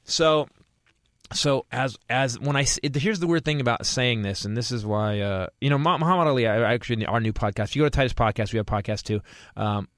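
Man, stand-up comic, fast talker, profane, casual podcast storytelling, dry close mic. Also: mid-range voice, no echo. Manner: fast, profane, animated storytelling with quick restarts. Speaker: stand-up comedian, guest.

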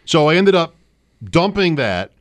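A man's voice: a little high, very animated, a little slow. A man co-hosting a casual fantasy football chat, thinking aloud and rattling off player names. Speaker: co-host.

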